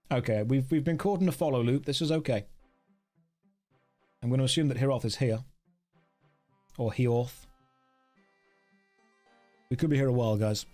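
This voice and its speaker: A man's voice: medium pitch, dark tone. A man chatting playfully with viewers during a casual game stream, joking as he plays.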